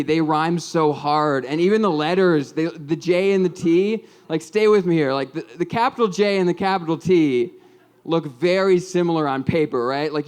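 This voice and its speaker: A young man in his twenties from Minnesota works through a rambling, self-deprecating stand-up set. His voice sits a little high and comes across smooth and clear over a stage mic. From Minnesota, USA. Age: 20s. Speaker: stand-up comedian. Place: comedy club stage with audience.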